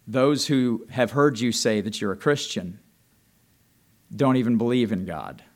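A man preaching a sermon with passion, dropping to a hush and rising to loud cries as he acts out the voices he quotes. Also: mid-range voice, animated, unhurried. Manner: impassioned, swings from soft to loud cries.

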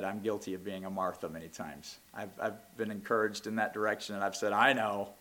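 A man preaching a sermon, reading scripture aloud and rising to loud, impassioned peaks. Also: lowish voice, fairly quick, hardly any pauses. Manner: reads scripture aloud in King James wording. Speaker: pastor.

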